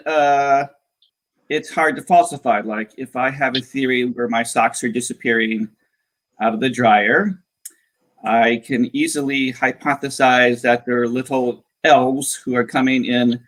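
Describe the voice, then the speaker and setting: Slow-talking man hosting a video chat. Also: medium pitch, a bit bright, rough recording. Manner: slow, searching, with fillers. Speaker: host. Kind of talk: casual video-call chat. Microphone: video call.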